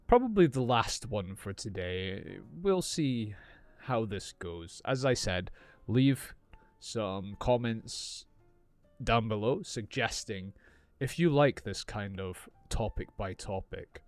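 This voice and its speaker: A man teaching English in an unscripted podcast, explaining slowly and clearly as he improvises. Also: fairly low pitch, dry recording.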